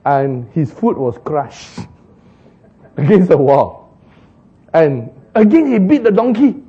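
Male preacher, husky, high and swooping, slow, playful storyteller; muffled lo-fi sound. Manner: animated, laughing, acts out the donkey and Balaam in exclaiming voices. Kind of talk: sermon storytelling.

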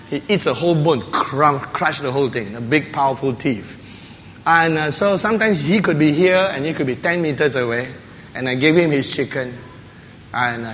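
A man preaching a sermon, telling a lively story with laughs and playful barking sounds. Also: on the high side, a little hiss or hum. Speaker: pastor. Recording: long hall reverb with faint ambience.

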